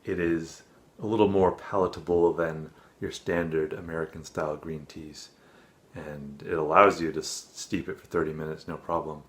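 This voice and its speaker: A man's voice: extremely low pitch, steady tone, normal speed. A man casually reviewing teas in a chatty, rambling vlog. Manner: rambling, self-deprecating, chatty. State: out of breath.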